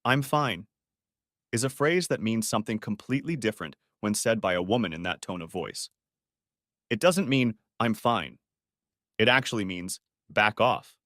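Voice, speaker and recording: A man's voice: fairly low pitch, big pitch swings, brisk, a bit bright, no room sound, clean studio sound. A man narrating a reflective, emotional first-person audiobook story.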